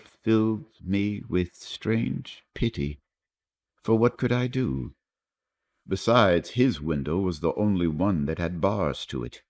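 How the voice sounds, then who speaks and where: A male audiobook narrator reads a classic tale in a measured, literary way. His voice is very low and deep. The delivery is steady and scripted.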